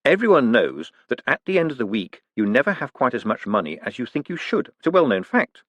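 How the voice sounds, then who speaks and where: A man voicing a smooth, quick-witted male con man who talks in a wry, teasing way. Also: medium pitch, very animated, a bit bright, no echo.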